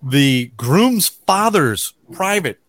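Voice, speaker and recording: This middle-aged man talks extremely slowly, his pitch on the high side. As a podcast co-host in casual conversation, he tells an animated story and acts out what people said.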